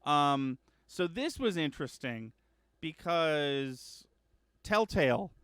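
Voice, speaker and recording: Dude rambling thru gaming news, lots of ums, kinda high smooth voice, excited. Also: male voice, takes it slowly, no echo, studio quality. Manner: rambling, many ums and uhs, self-correcting; excitable about upcoming games. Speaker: gaming news show host. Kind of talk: casual news chat.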